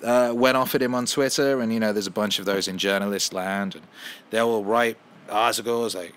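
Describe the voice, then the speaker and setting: A man hosting a casual podcast at home, ranting with heavy swearing and loud heated outbursts. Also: on the low side, a little fast, smooth. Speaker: podcast host.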